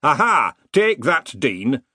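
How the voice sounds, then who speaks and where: A man voicing excitable, quarrelsome old wizards who shout at each other in an audiobook. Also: high voice, a little slow, slightly rough, no echo, clean studio sound, voice pushed up, exaggerated voice. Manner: shouting, indignant.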